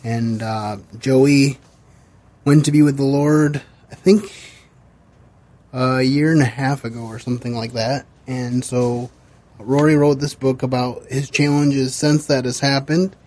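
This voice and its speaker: A man hosting a podcast in a casual book-club chat, emotional and halting, with many fillers and restarts. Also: mid-range voice, fairly even intonation, darkish tone. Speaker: podcast host. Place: studio.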